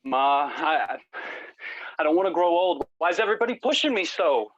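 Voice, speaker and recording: A man's voice: fairly high pitch, animated, fairly quick, fairly bright tone. A man playing a nervous young groom who talks earnestly to his mother and bride, over dull video-call audio. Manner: anxious and pleading, then earnest.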